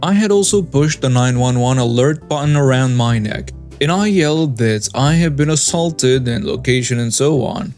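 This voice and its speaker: A man in the middle of his range reads first-person stories aloud in a steady, scripted narration. A faint guitar track plays quietly beneath his voice. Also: mid-range voice, normal speed, few pauses. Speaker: story narrator.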